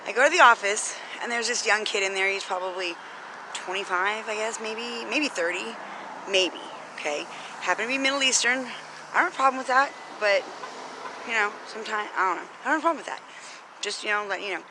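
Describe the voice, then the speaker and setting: A woman's voice: medium pitch, brisk, noisy background. An American woman vlogger telling a story in a chatty, indignant rant, full of fillers. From United States.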